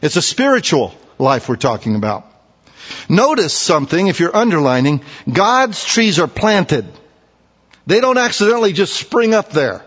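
A man's voice: sits high, big pitch swings, moderate pace, husky, highs cut off. Folksy preaching man, echoey hall. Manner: folksy storytelling, swinging between hushed asides and raised emphatic preaching. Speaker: pastor. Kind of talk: sermon.

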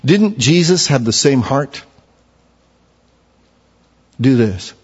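A man preaching a sermon, moving between hushed low lines and raised emphatic ones. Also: sing-song, slow pace, breathy edge. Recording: dull sound with long hall reverb.

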